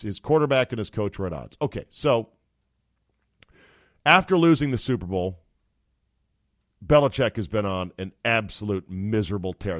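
A man hosting a sports podcast, delivering an animated, opinionated, sometimes profane monologue. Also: lowish voice, no echo. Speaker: podcast host.

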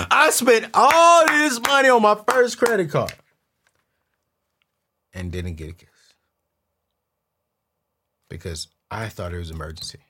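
A man hosting a money show, telling a casual story to camera in a slangy, animated way and repeating words when excited. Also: high voice, takes it slowly, long pauses, background noise. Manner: slangy, keeps it real with viewers. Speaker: host.

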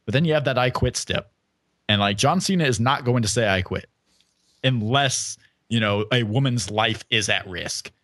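Guy chatting on a podcast, mid pitch, dry close sound, keeps saying like while he thinks it through. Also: normal speed, fairly bright tone, dry recording. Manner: thinks aloud, hedging with "like". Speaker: podcast co-host. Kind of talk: casual podcast discussion.

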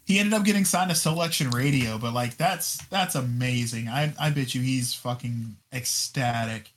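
A man co-hosting a casual music podcast talks in a loose, slangy way. He fills his sentences with "like" and "you know" and curses freely. His voice sits at an ordinary middle pitch. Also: moderate pace, a bit bright. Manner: loose, slangy, full of fillers and cursing. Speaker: podcast co-host. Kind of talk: casual chat.

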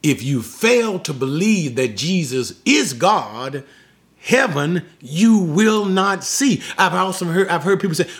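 A man's voice: high-pitched, big pitch swings, takes it slowly. A man preaching an expository sermon, emphatic, repeating phrases for stress and asking the congregation rhetorical questions.

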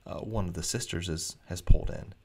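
Low gravelly preacher telling stories. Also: male voice, brisk. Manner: chatty, animated retelling with frequent restarts. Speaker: preacher and vlog host. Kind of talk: casual anecdotal storytelling.

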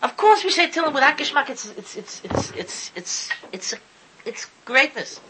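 A man's voice: very high voice, sing-song, normal speed, sharp tone, slight background noise, low-quality recording. A man giving an impassioned sermon, often stumbling over and repeating his words as he talks. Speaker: Torah speaker. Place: lives in Israel.

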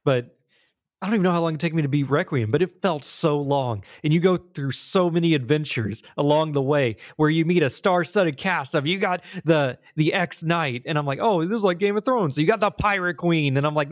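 A man's voice: a little high, brisk. A man chatting casually about video games, telling rambling stories and acting out little scenes as he goes. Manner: animated, rambling storyteller who acts out scenes.

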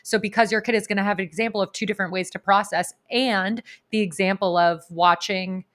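An animated woman co-hosting a podcast, chatting casually with a mid-range voice. She tells stories with lively energy and laughs easily along the way. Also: mid-range voice, a little fast. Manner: animated storyteller, bursts into laughter. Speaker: podcast co-host. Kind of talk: casual chat.

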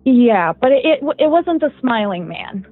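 A woman's voice: a little high, sing-song, a little slow. A young woman telling a personal story as a podcast guest, rambling with lots of "like" and "um". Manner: rambling, heavy use of "like" and "um". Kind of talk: casual podcast chat. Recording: tinny phone-like dry sound.

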